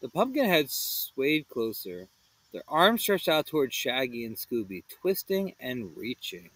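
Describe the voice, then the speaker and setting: A man narrating a children's storybook in an expressive, animated read-aloud style. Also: mid-range voice, measured pace, no room sound, poor audio. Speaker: storybook reader.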